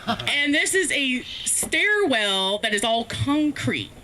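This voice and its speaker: Bright-voiced profane woman comic. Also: high voice, very animated, takes it slowly. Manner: rambling, profane, self-mocking, laughs often. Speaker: comedian. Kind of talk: stand-up storytelling. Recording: faint background noise, live stream.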